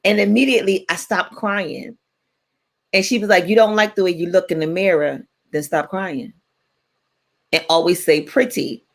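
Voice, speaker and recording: Gravelly-voiced woman in her forties. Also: lowish voice, normal speed. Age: 40s. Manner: animated, playful storytelling. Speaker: radio show co-host. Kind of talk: casual chat.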